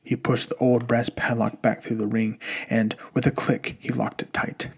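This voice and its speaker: With an even, measured storytelling delivery, a man reads an audiobook aloud. His medium-pitched voice sounds gravelly and husky.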